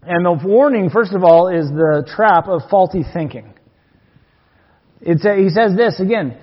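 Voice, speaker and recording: A man's voice: sits high, unhurried. Folksy male pastor in a reverberant church. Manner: folksy, joking asides between scripture readings. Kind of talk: sermon. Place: church sanctuary. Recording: long hall reverb, dull lo-fi sound.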